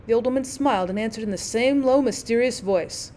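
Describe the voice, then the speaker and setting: A woman teacher reading a classic story aloud as an audiobook, narrating clearly and expressively. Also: a little high, a little fast, few pauses, warm tone, a little hiss or hum.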